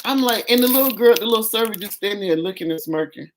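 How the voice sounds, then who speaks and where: A woman vlogger telling a story in a casual, animated and exasperated way, talking straight to her viewers. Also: medium pitch, quick pace, noisy background.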